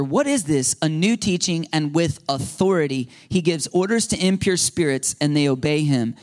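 A man preaching a sermon to a congregation, animated and questioning, often asking the listeners and adding right and okay. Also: on the high side. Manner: animated, rising to shouts when quoting demons. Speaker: pastor.

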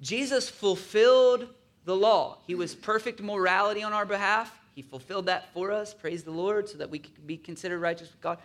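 Brisk and with few pauses, a pastor preaches in a high-pitched, pushed, bright voice that stays steady in tone. He speaks conversationally, often asking for his listeners' agreement and acting out grumbling in asides.

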